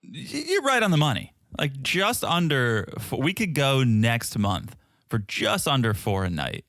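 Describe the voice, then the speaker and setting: A man's voice: mid-range voice, big pitch swings, unhurried, fairly bright tone, dry recording. A man co-hosting a podcast in casual chat, wry and teasing with dry jokes. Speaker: podcast co-host. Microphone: podcast microphone.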